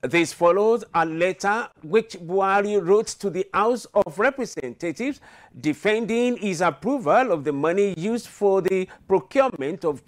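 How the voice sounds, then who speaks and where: A man with a Nigerian accent reads the hourly news from a studio. His voice sits high for a man, and his delivery is measured and formal. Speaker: news anchor. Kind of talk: scripted news reading.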